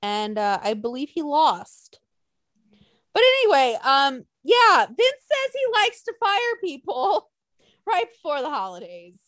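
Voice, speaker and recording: Animated high-voiced woman ranting. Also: slow, no echo, clean studio sound. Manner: animated, profane ranting with mocking quotes. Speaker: podcast co-host. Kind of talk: casual chat.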